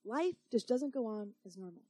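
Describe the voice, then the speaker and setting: A woman's voice: fairly high pitch, lively intonation, normal speed, mellow, no echo. Emotional young woman preaching. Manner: conversational, emotional, full of "like" and "you know". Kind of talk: sermon storytelling.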